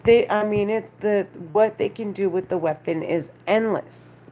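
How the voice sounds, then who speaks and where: A distressed woman talking straight to the camera in a monologue, agitated and repetitive, halting often, with a lisp. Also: mid-range voice, warm tone, slight background noise.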